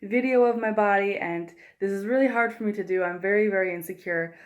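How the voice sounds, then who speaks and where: Young woman vlogger, chatty and rambling, mid-pitched voice, quick laughs, camera mic in a home kitchen. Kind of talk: casual chat.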